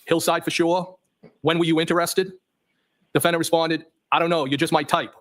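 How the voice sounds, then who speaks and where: A man's voice: fairly high pitch, level tone, normal speed, a bit bright. A man testifying as a witness in a courtroom, reading text messages aloud and naming each punctuation mark. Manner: reads plainly, voicing punctuation marks. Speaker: trial witness.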